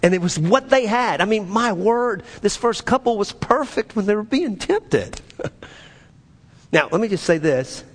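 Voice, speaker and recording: A man preaching a sermon as pastor, building up loud and high, then dropping to a low, quiet voice. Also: very animated, measured pace, long reverb tail.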